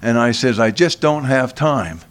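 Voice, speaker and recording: An older man recounts a memory at an unhurried pace, stopping and restarting his sentences as he goes. His voice sits at an ordinary middle pitch. He speaks as a guest in a radio studio. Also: expressive. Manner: slow, halting, with many restarts. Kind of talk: storytelling on radio.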